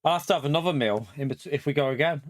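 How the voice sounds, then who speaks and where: A man's voice: fairly high pitch, fast, no room sound. A middle-aged man from England chatting casually on a live stream through a headset, laughing often between remarks. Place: home.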